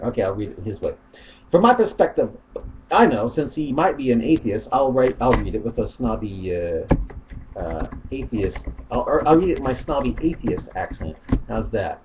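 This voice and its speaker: A man hosting his channel, reading chat posts aloud and commenting in a rambling, chatty way on a dull lo-fi recording. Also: lowish voice. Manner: rambling, self-interrupting, chatty. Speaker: channel host.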